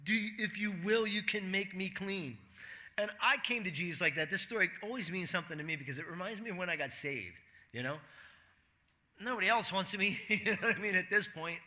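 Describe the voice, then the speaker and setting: Bright, high-voiced man preaching. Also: expressive, fast. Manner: conversational preaching, asks the congregation questions, acts out quotes. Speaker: pastor. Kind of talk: sermon. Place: church.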